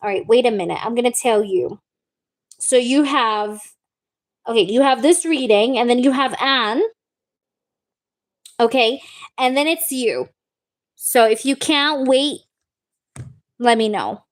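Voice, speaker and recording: A woman's voice: fairly high pitch, expressive, measured pace, long pauses. A woman giving a live-stream tarot reading, chatty and reassuring, often checking in with "okay?" and calling the viewer "baby". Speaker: tarot reader.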